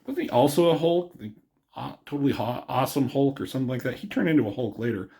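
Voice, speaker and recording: A man's voice: medium pitch, quick pace, creaky, mellow, slightly rough. A man reviewing a comic book in a loose, rambling way, with lots of fillers and a chuckle now and then. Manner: rambling, filler-heavy, chuckles at his own jokes. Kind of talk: casual video review.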